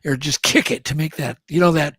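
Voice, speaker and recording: A man appearing as a guest, telling stories in an animated, excitable way and acting out the sounds he describes. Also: fairly high pitch, a little fast, breathy edge, no echo, studio quality. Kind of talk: animated storytelling.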